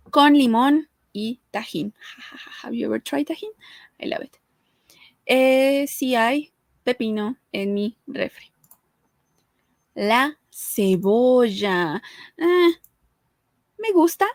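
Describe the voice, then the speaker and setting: A woman's voice: fairly high pitch, no room sound, rough recording. A young woman from Mexico with a Mexican accent, teaching a casual Spanish lesson and mixing Spanish with English in a chatty way. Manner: switches between Spanish and English, chatty with light laughs.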